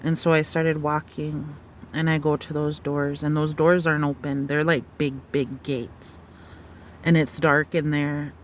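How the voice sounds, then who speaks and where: A woman retelling a dream in a halting, searching way, with many fillers and restarts. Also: low-pitched, little pitch movement, slight background noise. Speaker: storyteller. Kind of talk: personal testimony of a dream.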